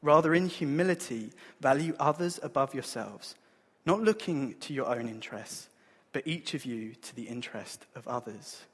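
A man, preaching a sermon in an earnest, conversational way, with a husky voice. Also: medium pitch, expressive, normal speed, a bit bright. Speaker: pastor. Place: church hall. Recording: long hall reverb.

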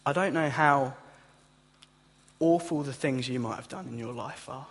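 A man preaching a sermon, retelling scripture with animated, acted-out reactions and quotes. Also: measured pace, breathy edge. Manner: animated, acts out startled listeners in a higher voice. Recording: echoey hall with long reverb.

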